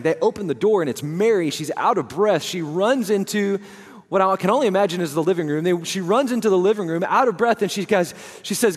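A man preaching a sermon as dramatic storytelling, moving from hushed, somber lines to fervent, rising passages. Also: sits high, lively intonation, fairly quick, in a large hall. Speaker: pastor.

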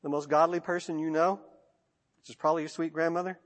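High-voiced Texan pastor in a reverberant church. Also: male voice, level tone, quick pace. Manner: rhythmic preaching, long lists, soft drops at line ends. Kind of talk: sermon. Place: church sanctuary.

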